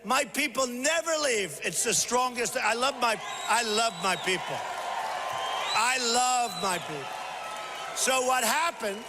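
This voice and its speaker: A man's voice: extremely high pitch, lively intonation, unhurried, few pauses. Older ny guy at a rally, brags, repeats himself, echoey hall, faint crowd noise. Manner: boastful, repetitive, punchy and emphatic, often shouting. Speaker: political candidate at a rally. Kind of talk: rally speech. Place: large convention hall.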